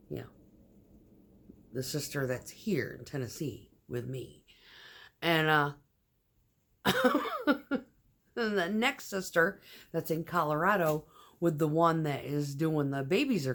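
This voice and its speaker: दक्षिणी अमेरिकी लहजे वाली महिला, गहरी आवाज़ में बेबाक, गाली-भरी बातें बताती हुई, बीच-बीच में फुसफुसाती है।. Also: female voice, lowish voice. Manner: rambling, profane, animated, often drops to a whisper. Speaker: vlogger. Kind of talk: casual storytelling.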